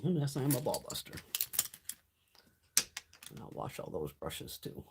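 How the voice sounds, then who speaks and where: A woman's voice: extremely low pitch, sing-song, unhurried, very noisy. A woman hosting a beauty livestream from home, chatting casually in a blunt, profane way while sick. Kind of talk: casual live-stream chat.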